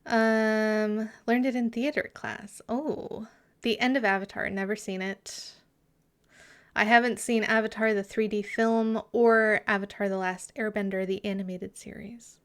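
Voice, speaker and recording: A woman's voice: mid-range voice, level tone, a little slow, smooth. A woman streamer in casual live chat with her viewers, chatty and giggly, sometimes muttering asides to herself.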